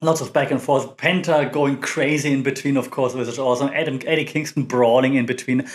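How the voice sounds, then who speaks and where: A man's voice: mid-range voice, steady tone, fairly quick. A man hosting a podcast, giving a casual, rambling recap full of fillers and restarts. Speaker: podcast host. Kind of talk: casual wrestling recap commentary.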